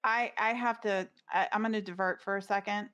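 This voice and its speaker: A woman's voice: mid-range voice, fairly even intonation, a little fast, a bit bright. A middle-aged woman, a podcast guest, telling a story in casual conversation, rambling with lots of "like" fillers and restarts.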